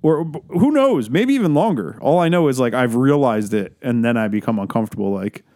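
Lively, rambling man on a podcast. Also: medium pitch, a little fast, dry recording, studio quality. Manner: rambling, self-mocking, many fillers. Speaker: podcast co-host. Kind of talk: casual chat.

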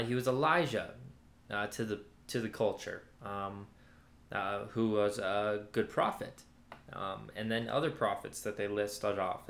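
A man's voice: on the low side, a bit bright, a little hiss or hum. A man giving a casual Bible teaching, talking conversationally with many fillers and restarts. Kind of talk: casual sermon-style teaching. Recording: roomy echoey room.

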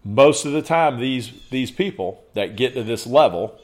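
A man's voice: mid-range voice, animated, measured pace, a little mellow. A man as a podcast guest in casual conversation, laying out his points in emphatic lists and checking in with "okay".

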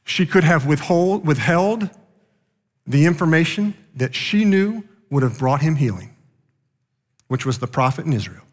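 A man's voice: fairly high pitch, animated, unhurried. Man preaching in an echoing church. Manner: impassioned preaching, rising loud then dropping soft. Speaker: pastor. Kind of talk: sermon.

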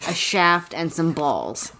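Wry woman with lively pitch. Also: slow pace. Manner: wry, deadpan asides, swears. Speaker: podcast co-host discussing a book. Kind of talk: casual chat, reading from notes.

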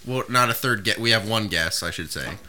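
A man's voice: lowish voice, brisk, pushed and bright, slight background noise. A man in his twenties co-hosting a podcast, telling stories and joking often in casual banter. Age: 20s. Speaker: podcast co-host.

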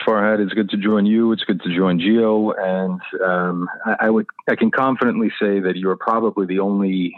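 A man joining a podcast as a guest co-host, speaking in a measured, polite way. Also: deep voice, no room sound. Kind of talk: casual chat. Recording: tinny phone-like remote call.

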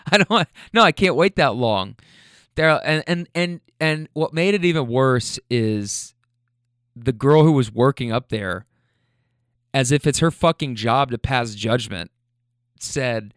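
A man's voice: fairly high pitch, fairly bright tone, clear, resonant tone, no room sound, clean studio sound. Ranting, cursing man. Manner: ranting, profane, self-deprecating. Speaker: storyteller. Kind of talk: casual monologue.

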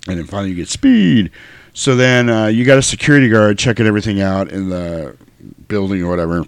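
A man co-hosting a podcast, chatting casually and profanely about a movie and slipping into quick impressions. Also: fairly low pitch, animated, clear, resonant tone, no room sound. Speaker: podcast co-host. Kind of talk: casual movie-review chat.

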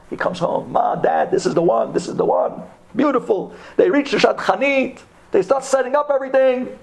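A man giving a sermon in an animated storytelling manner, dropping to low asides and rising to high exclamations. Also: gravelly. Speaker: rabbi giving a Torah talk.

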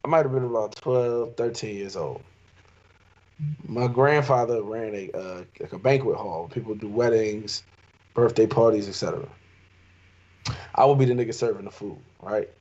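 A young man telling a long, animated story in casual chat with friends. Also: on the low side, normal speed, pauses often. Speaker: podcast co-host. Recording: dull lo-fi sound.

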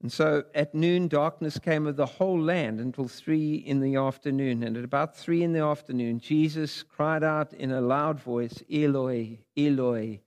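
A man's voice: fairly high pitch, normal speed, few pauses. A man preaching a sermon, reading scripture dramatically with big rises and drops in his voice. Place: church sanctuary. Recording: long hall reverb.

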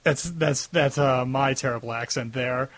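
Chatty Long Island host. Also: male voice, medium pitch, steady tone, moderate pace. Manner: easygoing, chatty, laughs along. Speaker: podcast host. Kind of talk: casual interview chat.

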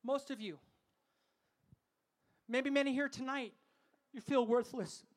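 A man preaching a sermon to a festival crowd, fervent and calling for responses, sometimes rising to shouts. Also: very high voice, fairly even intonation, slow.

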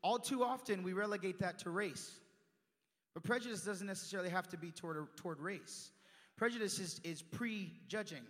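A young man preaching a sermon in a church, animated, swinging from loud emphatic lines to hushed asides. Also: high voice, normal speed. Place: church sanctuary. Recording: long church reverb.

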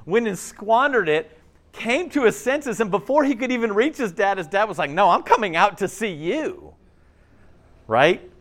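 A male pastor preaching in a casual, animated way. His voice sits a bit high and swings widely as he acts out the story. He keeps tossing in quick check-ins with the listeners. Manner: acts out voices and laughs often. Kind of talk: sermon.

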